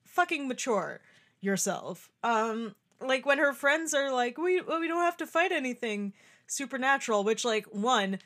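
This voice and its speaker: A young woman with a fairly high voice chats casually about a show with a friend. She laughs often, swears without a second thought and acts out what the characters say. Her talk stays loose and unscripted. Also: expressive, a little slow, a bit bright. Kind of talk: casual chat.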